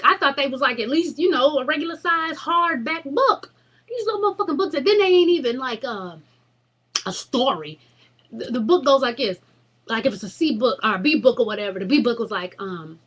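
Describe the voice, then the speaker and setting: A young woman vlogger tells a story to her viewers in an animated, profane and dramatic way. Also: on the high side, brisk. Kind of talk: casual storytelling vlog.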